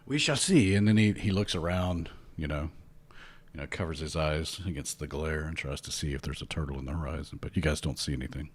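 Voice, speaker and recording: A man narrating as game master for a tabletop game, relaxed and rambling with many fillers. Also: rumbling low, a little fast, husky.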